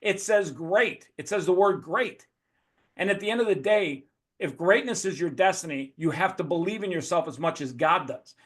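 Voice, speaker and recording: A man's voice: sits high, animated, normal speed, a bit bright. A man giving a blunt, profane motivational talk as a guest speaker over a video call.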